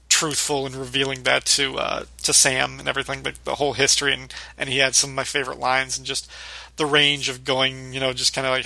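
Bright, gravelly man in casual chat. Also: mid-range voice, dry recording. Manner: chatty, quotes lines with light laughter. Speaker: podcast co-host. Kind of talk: casual chat reviewing a sitcom episode.

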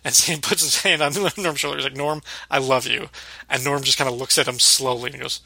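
Bright gravelly-voiced man podcast host. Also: mid-range voice, quick pace, no room sound. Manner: laughing, animated retelling of scenes. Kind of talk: casual podcast chat.

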